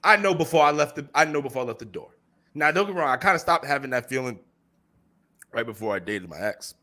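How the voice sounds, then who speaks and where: Animated, bright-voiced podcast co-host man. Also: mid-range voice, fast talker. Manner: animated, swears a lot, laughs often. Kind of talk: casual chat.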